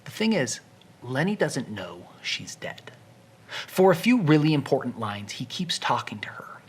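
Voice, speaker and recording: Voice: mid-range voice, big pitch swings, a little slow, husky. Wry, chatty literature explainer. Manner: wry, chatty asides, drops to a hushed tone for dark scenes. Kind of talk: casual book summary with dramatic readings.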